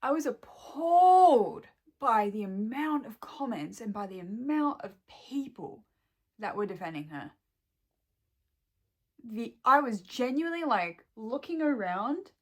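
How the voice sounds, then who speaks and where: A woman's voice: fairly high pitch, expressive, unhurried, a little mellow. A young woman and shop worker venting to her camera at home, swearing heavily and rambling, close to tears. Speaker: vlogger and shop employee.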